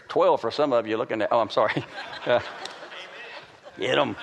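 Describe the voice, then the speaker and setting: A man preaching a sermon to a congregation, swinging between loud calls and hushed pleading. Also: mid-range voice, animated, measured pace, pauses often. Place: large hall with an audience. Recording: reverberant hall.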